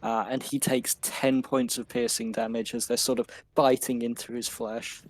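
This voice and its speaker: A man narrating a tabletop game as game master, unhurried and loose, with many fillers. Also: mid-range voice, level tone.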